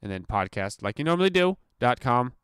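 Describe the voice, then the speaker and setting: A young man hosting a solo podcast from the floor at home, rambling crudely and profanely, self-mocking and laughing at his own jokes while high. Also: big pitch swings, brisk, clean tone, dry recording, studio quality. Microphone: computer mic.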